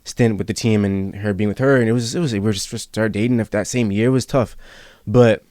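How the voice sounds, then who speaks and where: A man's voice: lowish voice, fairly even intonation, brisk, darkish tone, no echo, clean studio sound. A young man hosting a podcast in casual chat, earnest and rambling as he tells a personal story. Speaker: podcast host.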